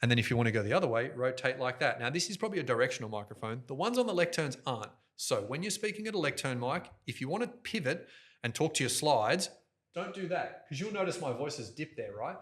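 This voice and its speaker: A man in middle age, talking as a guest in a podcast studio. His voice is bright and forceful, and he talks in lively, fast bursts. He is close on a directional microphone. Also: medium pitch. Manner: energetic, fast, jokey, talks with his hands toward the mic. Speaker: guest, event host and MC. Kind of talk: animated interview storytelling.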